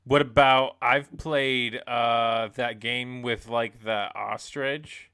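A man's voice: mid-range voice, fairly even intonation, takes it slowly, pushed and bright, clear, resonant tone, no room sound, studio quality. A man chatting casually on a podcast, rambling and laughing mid-sentence. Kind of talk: casual chat.

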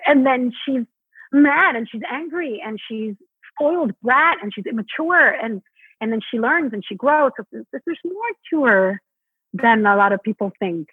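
A woman's voice: moderate pace, slightly rough, no echo. A woman originally from Mexico, a Broadway actress, talking animatedly in an interview and acting out quotes. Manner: animated, acts out quotes with pitch jumps. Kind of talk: interview conversation. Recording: tinny phone-like line.

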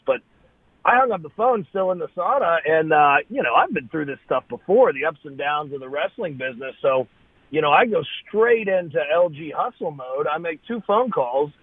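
A man telling a story as a podcast guest, animated and swearing freely. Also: on the high side, fairly quick, slightly rough, no echo. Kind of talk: casual storytelling. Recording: tinny phone-like line, dry.

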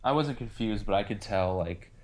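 Man, lowish voice, casual chat, opinionated, emphatic, swears. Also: fairly quick. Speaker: film discussion co-host.

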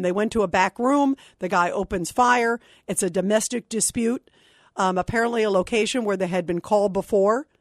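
A woman's voice: mid-range voice, no echo. A woman hosting a call-in talk radio show, speaking in an impassioned, outraged and emphatic way into a studio microphone. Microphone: studio microphone, dry.

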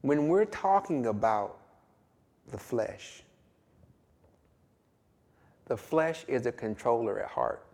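A man preaching a sermon, emphatic and drawn-out, telling a fable to make his point. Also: medium pitch, very animated, creaky, a little mellow. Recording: long hall reverb.

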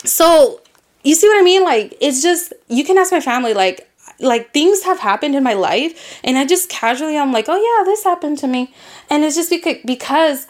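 A woman co-hosting a casual podcast chat, telling stories in an animated way with lots of fillers and casual swearing. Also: sits high, normal speed. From grew up in a Latino immigrant family in the US. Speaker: podcast co-host.

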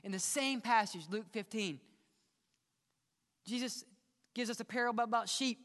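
A male pastor preaching a sermon to his congregation, dropping to hushed whispers and rising to emphatic peaks, speaking to them directly. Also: sits high, normal speed, in a large hall. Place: church sanctuary.

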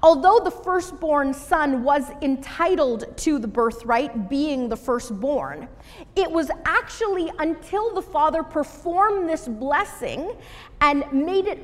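A woman with a high, light voice reads a Bible passage and then explains it in a steady, measured way. Her words carry a long reverb, as in a large hall. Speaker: Bible teacher. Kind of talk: scripture reading and sermon.

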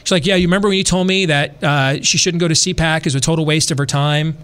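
Podcast host, male, slightly high voice, animated and repetitive, dry asides. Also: fast talker, clear, resonant tone. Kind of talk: casual storytelling.

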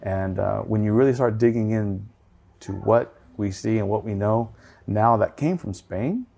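Gravelly laid-back Texan man. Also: fairly low pitch, measured pace, dark tone. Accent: Texan American. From Texas. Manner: laid-back, joking, many fillers. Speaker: podcast guest. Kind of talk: casual podcast chat.

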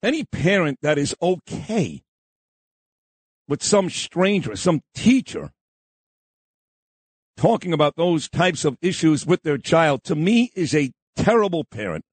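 A man hosting a talk radio show, delivering a combative, opinionated monologue and shouting down those he disagrees with. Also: a little high, sing-song, a little slow, long pauses, slightly rough, no room sound. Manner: combative, insulting, repeats himself, shouts down opponents.

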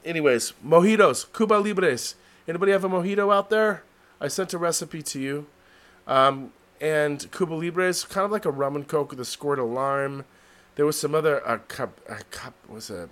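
A man's voice: a little high, moderate pace. Rambling man hosting a casual chat. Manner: rambling, filler-heavy, animated storytelling. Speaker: podcast host. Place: New York City.

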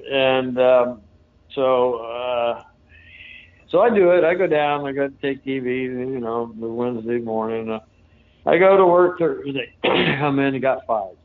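A man with a medium-pitched voice tells casual stories unhurriedly as an interview guest, rambling in a folksy way with lots of fillers. The sound is narrow, like a phone line.

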